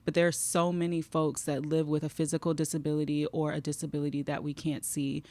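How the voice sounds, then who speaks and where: A woman's voice: low-pitched, flat delivery, a little fast, warm tone, dry recording. A middle-aged woman hosting a podcast, talking heartfelt and emotional, at times fighting back tears. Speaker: podcast host.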